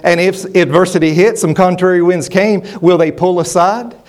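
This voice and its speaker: A man's voice: sits high, steady tone, moderate pace. A middle-aged man preaching a sermon, emphatic and repetitive, often restarting his words.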